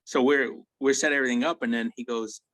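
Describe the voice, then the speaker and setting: A man's voice: mid-range voice, fast, no echo. A man, an Army veteran, telling war stories in a casual interview, swearing freely and acting out what people said. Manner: profane, animated storytelling with acted quotes.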